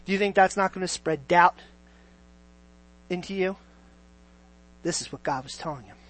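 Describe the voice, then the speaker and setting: A preacher giving a sermon, questioning the listeners and swinging from loud to near-hushed. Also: medium pitch, normal speed, rough recording. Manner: asks the listeners many questions, sweeping between loud and quiet.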